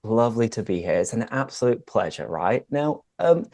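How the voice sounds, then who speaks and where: Brief: British man, English teacher hosting a video-call chat, animated pitch, warm mellow tone, dry sound. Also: normal speed, no echo. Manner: upbeat, explains idioms. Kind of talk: casual conversation for English learners.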